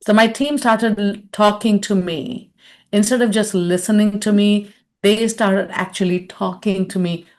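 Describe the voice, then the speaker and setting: A woman's voice: medium pitch, fairly even intonation, measured pace. A woman leadership consultant giving a webinar, telling personal stories in a chatty way and often tagging her sentences with "right?". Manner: chatty storyteller, tags lines with "right?".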